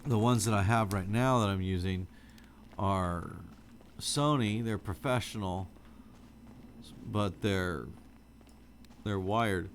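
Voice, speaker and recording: A man's voice: on the low side, slow, pauses often, a little hiss or hum. A middle-aged man streaming a game from his home setup into a studio microphone, chatting casually and rambling, sleepy and yawning now and then. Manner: relaxed, rambling, sleepy with frequent yawns. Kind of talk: casual chat with viewers while playing. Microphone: studio microphone with wired headphones.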